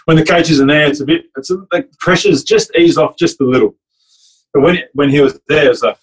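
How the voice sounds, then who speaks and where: A young Fijian man who plays and coaches rugby league tells a heartfelt story in casual chat, rambling with many restarts and "like"s. His medium-pitched voice is husky and fast, and the audio quality is poor.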